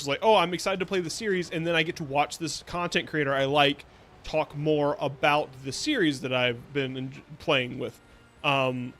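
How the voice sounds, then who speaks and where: A man's voice: a little high, a bit bright. A young man, a VTuber, chatting casually while streaming a game, rambling and laughing often. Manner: rambling, chatty, laughs often, silly sing-song asides. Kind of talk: casual gameplay stream chat.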